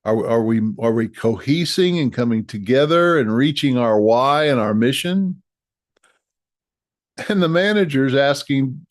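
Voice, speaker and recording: A middle-aged man talks straight to his viewers as a leadership coach, earnest and encouraging, often restarting a phrase before finishing it. His voice sits at an ordinary pitch for a man. The sound is dry and close, with little room echo. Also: expressive, measured pace. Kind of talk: direct-to-camera coaching talk.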